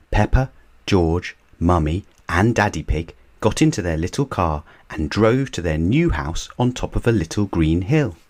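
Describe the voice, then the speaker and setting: A man reading a children's picture book aloud at a slow, unhurried pace. His voice is low and deep, and his delivery stays measured and even. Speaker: narrator. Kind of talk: storybook reading.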